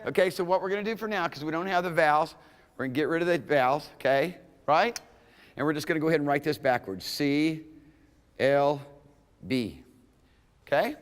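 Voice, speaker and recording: Brisk yet given to long pauses, this man's voice is on the high side and echoes as in a large hall. He teaches beginner Hebrew in a lecture setting, keeping it conversational and checking with the students by asking "okay?" frequently.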